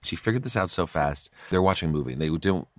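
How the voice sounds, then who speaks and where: A middle-aged male comedian chatting as a podcast guest, telling animated, laughing stories about his young kids. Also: sits low, fast talker, no echo. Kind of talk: casual podcast chat, storytelling.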